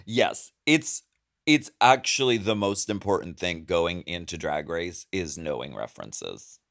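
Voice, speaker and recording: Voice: low voice, animated, measured pace, fairly bright tone. A podcast co-host in casual chat, playful, with mock-stern joking asides.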